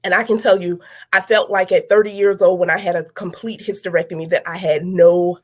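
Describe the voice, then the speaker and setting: A woman's voice: fairly low pitch, steady tone, brisk. A woman, hosting a talk show, emphatic and encouraging, repeating her phrases. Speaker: host.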